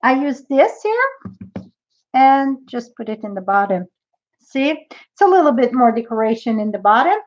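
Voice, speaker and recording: A woman's voice: on the high side, sing-song, moderate pace, long pauses, dull audio. A woman demonstrating a craft project in a live tutorial, chatty and thinking aloud as she works.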